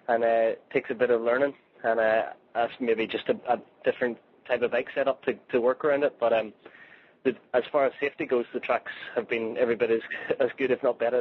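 A Northern Irish man talking quickly in an even, level tone, repeating and restarting his words as he goes. He comes through a tinny phone line with a faint hiss behind him. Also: mid-range voice. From Northern Ireland. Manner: chatty, many restarts. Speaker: motorcycle racer, guest. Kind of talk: phone interview.

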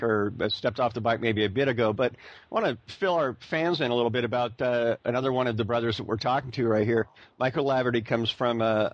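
Rambling American podcast host, muffled sound. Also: male voice, mid-range voice, dry recording. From United States. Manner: rambling, many fillers and restarts. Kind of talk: casual interview.

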